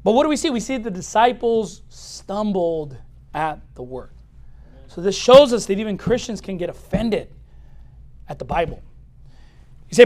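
A man preaching a sermon as pastor, swinging from loud declarations to quiet asides and laughing at his own points. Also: sits high, very animated, moderate pace, long pauses.

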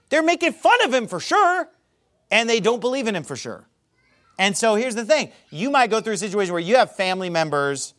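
Male preacher, high-pitched voice, animated, emphatic, reads scripture aloud. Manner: animated, rises loud for emphasis, slows on key phrases; reads scripture aloud in King James wording. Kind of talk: sermon.

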